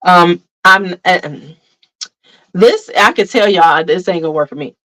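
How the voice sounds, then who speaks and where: On a rough recording, a woman with a lowish, slightly bright voice speaks at a measured pace while reviewing perfume for her viewers. She's casual, blunt, and frank, frequently calling them "y'all" in this fragrance review vlog.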